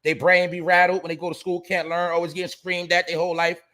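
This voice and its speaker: A man lectures his audience in a casual, profane monologue. His voice sits high for a man, and he talks bluntly and preachily. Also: monotone, quick pace, pushed and bright. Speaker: show host.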